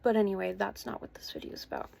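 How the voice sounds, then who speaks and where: A woman in her twenties speaks to camera from her bedroom at home, telling a personal story. Her voice sits at an ordinary mid pitch. She talks in an earnest, halting way, pausing and starting sentences over as she goes. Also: huge pitch swings, creaky, warm tone. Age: 20s. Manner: hesitant and earnest, with many pauses and restarts. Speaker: vlogger.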